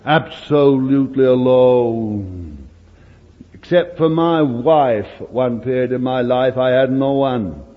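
Brief: older man preaching slowly, hushed then emphatic, recorded dull in a reverberant hall. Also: medium pitch. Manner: storytelling, swings between hushed asides and emphatic lines. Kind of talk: sermon.

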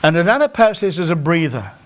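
A middle-aged man with a North Staffordshire English accent preaches a sermon at a quick pace, his fairly high voice very animated. He's conversational and self-deprecating, often stopping to restart his phrases.

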